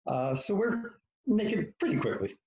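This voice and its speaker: A man's voice: high voice, big pitch swings, measured pace, darkish tone, roomy sound, lo-fi sound. A man talking as a podcast guest, telling a personal story frankly and with profanity, acting out what people said and poking fun at himself. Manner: frank, profane, self-mocking, acts out quoted lines. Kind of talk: candid storytelling in conversation.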